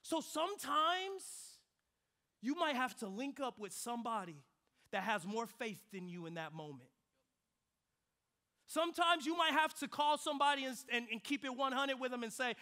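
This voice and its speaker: A young adult pastor preaches in a notably high, bright voice at a moderate pace. His storytelling is lively and animated, dropping into hushed, reflective moments before rising again with energy.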